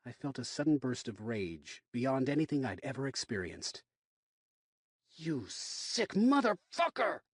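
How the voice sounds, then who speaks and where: A male audiobook narrator reading a dark thriller in first person, his pitch moving lively through each line. The voice is husky and mid-range, recorded dry in a booth. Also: moderate pace, hardly any pauses, no echo.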